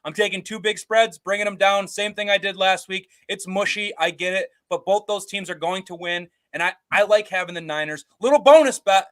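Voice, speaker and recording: A man's voice: sits high, fairly even intonation, a little fast, few pauses, sharp tone. A man co-hosting a casual sports betting podcast, giving his picks with blunt confidence. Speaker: co-host picking bets.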